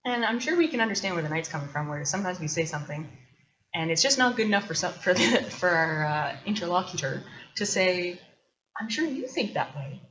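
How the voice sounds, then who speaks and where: Female host, casual musing monologue, lowish voice, dull lo-fi recording. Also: lively intonation, brisk, crowd noise. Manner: chatty and thoughtful, with loose asides. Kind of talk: casual solo commentary.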